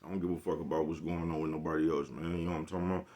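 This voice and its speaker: A man's voice: extremely low pitch, flat delivery, very fast, a little mellow. A man vlogging a casual, rambling monologue, blunt and profane, forever checking "you know what I'm talking about.". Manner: blunt, profane street slang.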